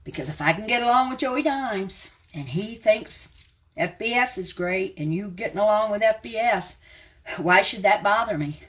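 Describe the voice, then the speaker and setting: A woman's voice: mid-range voice, animated, normal speed, fairly bright tone. A woman in her seventies hosting a live stream, ranting bluntly and calling people out by name. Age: 70s.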